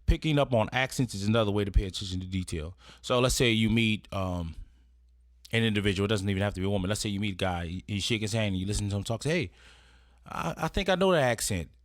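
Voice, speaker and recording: Speaking very fast in a lowish voice with fairly even intonation, a man presents an etiquette lesson. It's casual and partly read, with frequent conversational "right?" check-ins, and the studio-quality audio has no echo.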